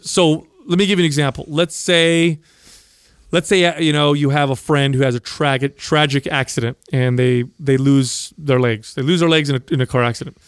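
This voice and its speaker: Podcast guy, kinda high voice, blunt and emphatic, swears a lot, dry room. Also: clean tone, no room sound. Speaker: podcast co-host. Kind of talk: casual chat.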